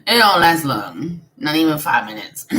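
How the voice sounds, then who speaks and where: Low-voiced woman chatting bluntly on a live stream. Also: a bit bright. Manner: blunt, laughs often, swears freely. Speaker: spiritual vlogger. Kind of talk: casual live-stream chat.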